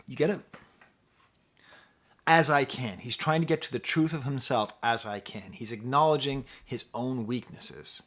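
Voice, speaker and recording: A man's voice: medium pitch, a bit bright. Impassioned man reviewing a record. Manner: impassioned, emphatic, quick to laugh; talks straight to the viewer, teacherly asides. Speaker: music reviewer hosting his own channel. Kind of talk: casual record review monologue.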